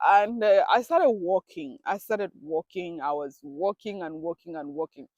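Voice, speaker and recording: Woman, storytime vlogger, chatty, dramatic, talks to herself, mid pitch, dry close sound. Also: normal speed, no room sound. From grew up in a village abroad. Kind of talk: casual storytime vlog.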